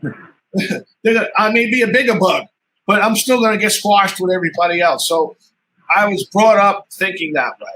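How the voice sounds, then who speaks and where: A man's voice: high voice, normal speed, a little hiss or hum, low-quality recording. A man, a martial artist telling stories in a casual interview, laughing often and acting out what others said. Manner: animated storyteller, laughs often, acts out quoted dialogue.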